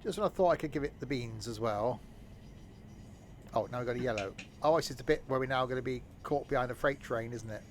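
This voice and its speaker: A man's voice: medium pitch, quick pace, a little hiss or hum. A young man chatting casually as he streams a game, joking and narrating what he does. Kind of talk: casual gameplay commentary.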